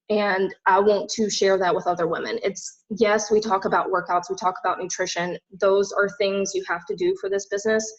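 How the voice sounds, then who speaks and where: A young woman from the American South gives a rambling, heartfelt personal testimony to a group. Her speech is loose and chatty, packed with "like" and "literally." She sits at a mid pitch, and the recording sounds dull and lo-fi. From Southern United States. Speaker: fitness and nutrition coach.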